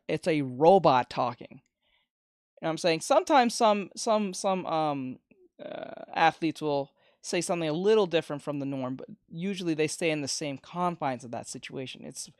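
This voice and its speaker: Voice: medium pitch, moderate pace, no room sound, clean studio sound. Rambling, swearing art streamer. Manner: rambling and profane, with many restarts. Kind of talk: casual chat while drawing on stream.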